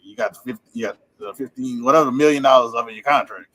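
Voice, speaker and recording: A man doing a gravelly Cajun football coach. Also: fast talker, sharp tone, no room sound, rough recording. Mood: matter-of-fact. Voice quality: deep gravelly voice.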